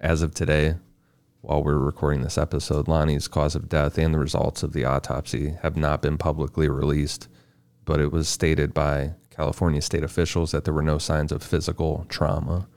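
A man's voice: a bass voice, little pitch movement, moderate pace, a little mellow, no room sound. A man co-hosting a podcast, reading out researched facts in a casual tone and adding short asides. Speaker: podcast co-host presenting the research. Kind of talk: casual true-crime podcast narration.

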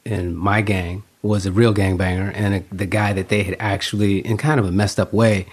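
A middle-aged man, an actor and director, telling animated stories in a casual interview, laughing often and acting out quoted exchanges. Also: lowish voice, moderate pace, breathy edge. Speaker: actor and film director, guest.

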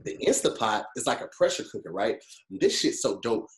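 A man's voice: medium pitch, sing-song, brisk. A man explains something step by step with plain eagerness. His voice sits in an ordinary middle range. He comes through a shaky video call that makes him sound roomy and echoey. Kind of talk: casual chat.

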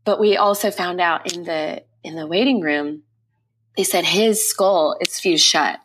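A young woman with a low-set voice tells a personal testimony as a podcast guest. She talks with raw emotion and repeats phrases as she relives events. The delivery is an unscripted interview retelling. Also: measured pace, fairly bright tone, slight background noise.

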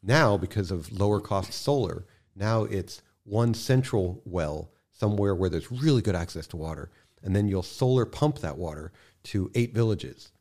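A man speaking as a podcast guest in casual conversation, impassioned, swearing freely and swinging from quiet to loud bursts. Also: low-pitched, expressive, normal speed.

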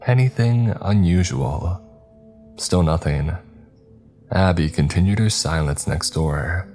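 A man with an extremely deep voice reads a first-person horror story in steady, measured narration. Faint music plays underneath.

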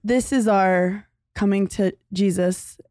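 A woman comedian chats on a podcast in a mid-pitched voice, quick to laugh and animated as she tells stories. The sound is dry and close, with no room around it. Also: no room sound. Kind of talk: casual chat.

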